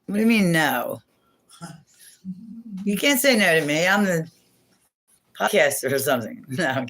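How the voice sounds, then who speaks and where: A woman's voice: sits low, big pitch swings, a little slow, a bit bright. A woman hosting a casual livestream from home on her phone, rambling and chatty, laughing often and swearing now and then. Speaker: livestream host.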